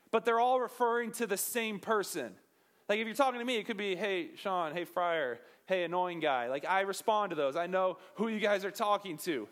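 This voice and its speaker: A young man giving an energetic, joking sermon as a pastor, asking the audience questions. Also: high voice. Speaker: youth pastor.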